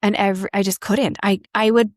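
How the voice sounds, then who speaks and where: A woman in her thirties tells a personal story as a podcast guest. She speaks candidly, rambling with fillers and restarts, in a medium-pitched voice. The sound is dry and close. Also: fairly even intonation, a little fast, no room sound.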